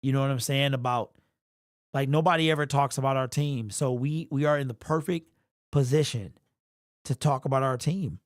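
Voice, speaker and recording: A man's voice: mid-range voice, moderate pace, dry recording, studio quality. Emotional, rambling man on a livestream. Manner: rambling, repeats and restarts, slangy. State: emotional, sniffly. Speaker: livestream host. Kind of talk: casual livestream chat.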